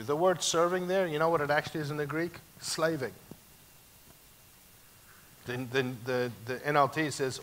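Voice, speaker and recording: A man pastor preaching a sermon, emphatic and animated, moving sharply between loud and quiet passages. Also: a little high, normal speed, long pauses.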